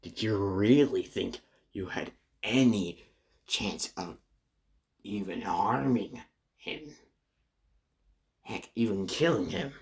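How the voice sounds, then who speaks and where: A man's voice: fairly low pitch, a bit bright. A man doing a cold, furious boy hero.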